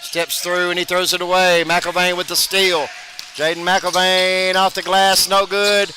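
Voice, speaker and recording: Over the din of a noisy gym, a male announcer rattles off rapid play-by-play of a high school basketball game. His excitement bursts out whenever a shot is made.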